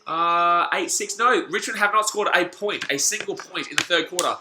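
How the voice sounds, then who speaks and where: A young Australian man commentating a footy match live for his stream as a fan, shouting at the players and reading viewers' chat aloud. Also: high-pitched, normal speed. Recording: echoey room.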